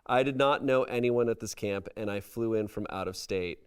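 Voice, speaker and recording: A man's voice: on the low side, moderate pace, clean tone. A man hosting a casual comedic podcast, reading online stories aloud and adding wry, amused remarks. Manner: wry, amused commentary between read passages.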